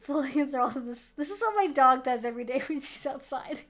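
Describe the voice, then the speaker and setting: High-voiced chatty woman streamer. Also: lively intonation, a little fast. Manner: rambling, swears, laughs often, slightly tipsy. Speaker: streamer hosting a Q&A. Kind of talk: casual live-stream chat.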